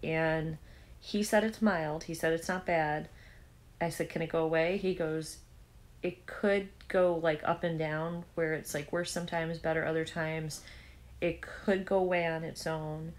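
A woman's voice: sits low, steady tone, unhurried. A woman vlogging in a casual, chatty way, telling personal stories full of quoted dialogue and fillers. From Southern United States. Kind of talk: casual chat.

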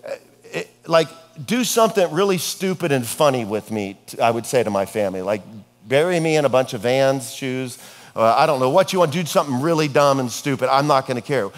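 Middle-aged male pastor, casual storyteller with dark humor, mid-pitched voice, long hall reverb. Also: lively intonation, brisk. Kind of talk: sermon.

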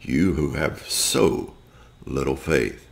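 Authoritative teacher figure, read by a man, deep gravelly bass, firm and measured. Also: full character voice. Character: calm teacher Jesus, a grown man, authoritative.

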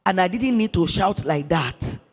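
A woman's voice: on the low side, lively intonation, unhurried, in a large hall. A woman pastor with a Nigerian accent telling a story in a sermon, repeating phrases for emphasis.

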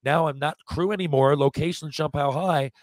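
A man's voice: on the high side, normal speed, dry recording. Man in his forties telling stories. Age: 40s. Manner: animated anecdote-telling, acting out quotes, frequent restarts. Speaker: podcast guest, former hockey player. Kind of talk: casual storytelling.

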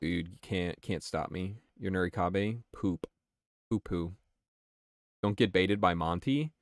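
A man's voice: low voice, slow. A man streaming a game, talking casually and swearing while he answers his chat. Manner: chatty and profane, answering chat. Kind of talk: casual gameplay commentary.

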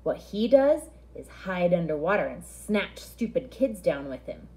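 A woman voicing a cocky teenage boy who teases in a lower, slow, mocking voice. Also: very animated, dark tone, a little hiss or hum, poor audio. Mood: teasing. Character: cocky teenage boy, teasing big brother.

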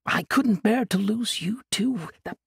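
A man's voice: sits high, unhurried, creaky, slightly rough, no room sound, studio quality, pitched above the performer's own voice, exaggerated voice. A man voicing a remorseful young male monk who speaks earnestly and in pain in an audiobook. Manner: earnest, pained, confessional. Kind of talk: audiobook character voice.

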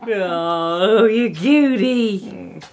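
In a handheld-camera vlog filmed indoors at home, a young woman gushes at her pet dog in baby talk, gasping and giggling while the dog makes noises in the background. Her voice is mid-range with a darkish tone, and she draws out her words.

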